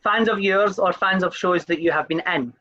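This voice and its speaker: Host guy on a video call, bright sharp voice, muffled lo-fi sound, laughs a lot. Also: high voice, normal speed. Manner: friendly, laughs easily, reads fan questions. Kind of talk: casual interview chat. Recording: dull lo-fi sound.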